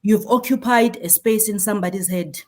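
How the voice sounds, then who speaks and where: A South African woman in her forties with a Zulu-inflected accent, a marketing speaker giving an animated conference panel talk and mixing in Zulu phrases. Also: mid-range voice, normal speed.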